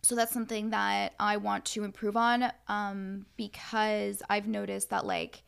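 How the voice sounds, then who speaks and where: A young woman co-hosting a podcast, chatting in a relaxed, rambling way. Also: mid-range voice, measured pace, vocal fry, smooth. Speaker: podcast co-host. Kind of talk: casual chat.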